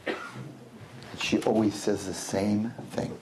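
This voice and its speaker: Animated rabbi with a gravelly voice. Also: male voice, medium pitch, normal speed, a little hiss or hum. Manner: animated storyteller, acts out voices in quotes. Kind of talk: humorous sermon.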